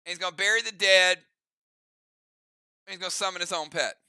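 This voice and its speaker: A man's voice: high-pitched, brisk, bright, forceful tone, clear, resonant tone, no echo. A man running an online role-play game as game master, narrating moves in a casual, chatty way with rambling asides.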